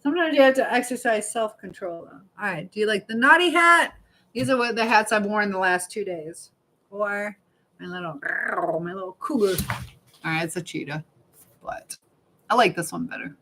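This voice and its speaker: Woman host, chatty and easygoing, mid-pitched, reading comments aloud on a home live stream. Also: lively intonation, moderate pace, sharp tone, a little hiss or hum, poor audio. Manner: chatty, reads viewer comments aloud, laughs often. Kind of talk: casual live-stream chat.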